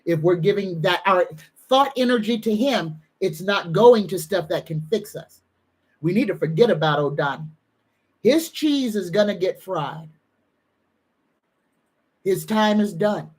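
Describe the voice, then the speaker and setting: With a husky, darkish, medium-pitched voice that's animated, a woman psychic medium and tarot reader delivers a live-stream reading. Her manner is slow, earnest, and soothing, and at times she's moved nearly to tears.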